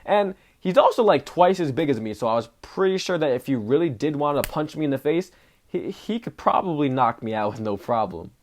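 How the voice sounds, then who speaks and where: A young man vlogging, telling a story in a casual, animated way with lots of slang. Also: on the high side, fairly quick. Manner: animated, slangy, says "bro" often. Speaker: travel vlogger.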